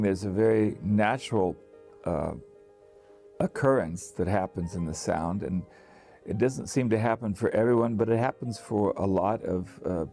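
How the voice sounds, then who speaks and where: A man teaching singing, explaining calmly to camera with many restarts and short sung demonstrations. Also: on the low side. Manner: relaxed, thinking aloud with restarts and sung demonstrations.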